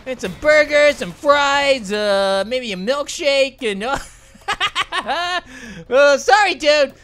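A woman giving excitable, giggly let's play commentary, often apologizing to game characters. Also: high voice, slow. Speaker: gaming channel host.

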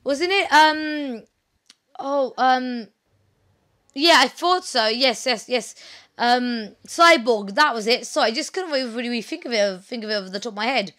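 Woman let's player; high, bright, sharp tone; chatty, excitable, apologetic. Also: unhurried. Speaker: let's play gamer. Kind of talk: casual gameplay commentary.

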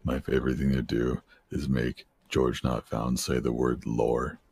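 A man musing slowly and deadpan in casual voice-chat banter, tossing out gamer jokes. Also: extremely low pitch, creaky, husky. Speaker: guest on a livestream voice call.

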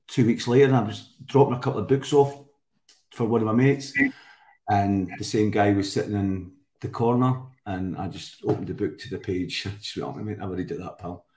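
Rambling Scottish man with a low, dark voice. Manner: rambling storyteller, many restarts. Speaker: guest. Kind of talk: casual chat. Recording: roomy echo.

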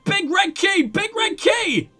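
A man's voice: expressive, moderate pace, soft background music, exaggerated voice. A man voicing a frantic, deluded old woman who barks police codes through a megaphone. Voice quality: shrill shouting.

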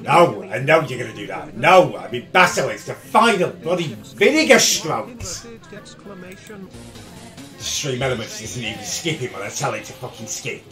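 A man, livestreaming and yelling angry, swearing commentary at his game and his chat. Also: mid-range voice, sing-song, unhurried, soft background music. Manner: shouting, swearing, exasperated outbursts. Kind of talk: raging live gameplay commentary.

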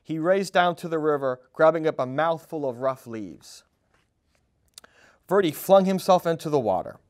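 A man reading a children's storybook aloud at a storytime, in an expressive, animated way. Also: a little high, normal speed. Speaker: storytime reader.

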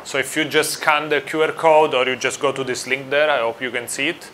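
A conference speaker from Italy, with an Italian accent, addresses a live audience warmly and poses questions to them. His mid-range voice is steady, bright and forceful, moving a little fast, with slight background noise.

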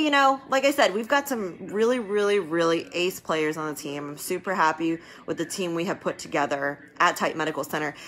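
A woman's voice: fairly low pitch, a bit bright. A woman who runs a medical business, talking casually on a live stream, rambling and repeating words for emphasis.

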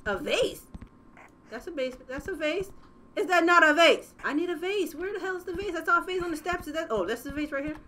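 Young woman cussing through a horror game, high bouncy voice all over the place. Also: expressive, brisk. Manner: loud, profane, jokey reactions. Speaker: gaming channel host.

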